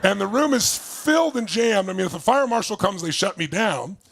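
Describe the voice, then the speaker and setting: Gravelly high-voiced older man. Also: moderate pace, slight background noise. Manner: animated, asks the audience questions, laughs often. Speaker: motivational speaker. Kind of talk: storytelling seminar talk.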